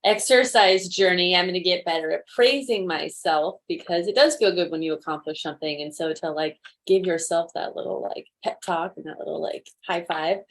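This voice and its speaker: A woman's voice: fairly low pitch, normal speed, hardly any pauses. An upbeat woman presenting in a casual webinar over a video call, with frequent fillers.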